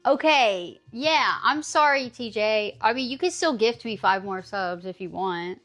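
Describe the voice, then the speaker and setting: A woman's voice: a little high, expressive, a little slow, a bit bright, faint music behind. A woman in her thirties streaming live, chatting casually and teasing her chat, swearing freely.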